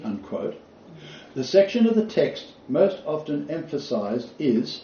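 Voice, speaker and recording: A man gives a Bible lecture to a small group, mellow in tone and pitched a little high. He drives points home by repeating them emphatically. The sound is roomy and dull, picked up from across the room. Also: sing-song, unhurried, a little hiss or hum. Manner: emphatic, repeats key phrases. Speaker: Bible teacher. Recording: roomy, distant, dull lo-fi recording.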